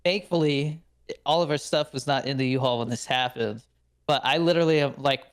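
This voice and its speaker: A man's voice: mid-range voice, a little fast, clean tone. A young man co-hosting a podcast, telling stories in a casual chat, laughing often, swearing and acting out quotes. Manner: animated storyteller, laughs a lot, swears, acts out quotes. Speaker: podcast co-host.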